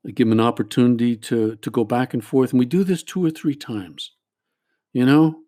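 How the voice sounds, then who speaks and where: A man's voice: mid-range voice, moderate pace, mellow. A male priest and counselor explaining a group therapy exercise. He speaks earnestly, restarts his phrases often, and keeps checking in with "all right?".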